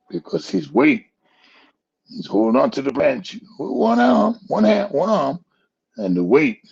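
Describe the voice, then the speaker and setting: A man's voice: mid-range voice, creaky, darkish tone, husky, dull audio. A man hosting a talk show, telling a rambling joke in casual chat and chuckling at his own punchlines. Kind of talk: casual storytelling commentary.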